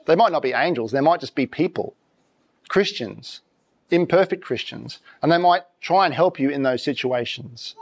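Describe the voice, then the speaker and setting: A pastor preaching a sermon in church, talking conversationally and throwing out rhetorical questions in an animated way. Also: male voice, on the high side, normal speed.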